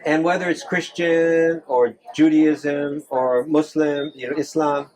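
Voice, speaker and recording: A man's voice: fairly high pitch, fairly even intonation, slow pace, darkish tone. A man, a monk, answering audience questions in a temple hall, earnest, with many restarts and repeated phrases. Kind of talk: live Q&A talk.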